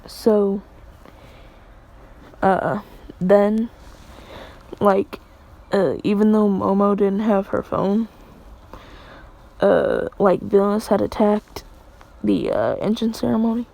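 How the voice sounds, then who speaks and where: A woman's voice: mid-range voice, slow, creaky, pauses often, warm tone, poor audio. A woman casually retelling a story in a rambling way, full of fillers.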